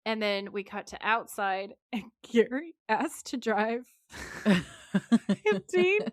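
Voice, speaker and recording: A woman's voice: a little high, sing-song, takes it slowly, no echo, clean studio sound. A woman, co-hosting a podcast and animatedly recapping an episode, acting out quotes from her notes. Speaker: podcast co-host. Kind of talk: casual recap chat.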